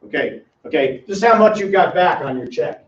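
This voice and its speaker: An older man leads a small classroom seminar, his voice pitched high as he prods and teases his audience. He sounds distant in a reverberant room. The recording is muffled and lo-fi. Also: animated, brisk. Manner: teasing, quizzes audience by name. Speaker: financial educator. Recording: roomy, distant, dull lo-fi sound.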